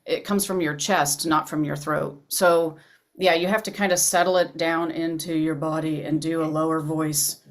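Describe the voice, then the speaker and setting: A woman voice actor co-hosting a webinar, chatting casually and explaining with quick asides over a video call. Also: low-pitched, fairly even intonation. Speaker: voice actor and co-host.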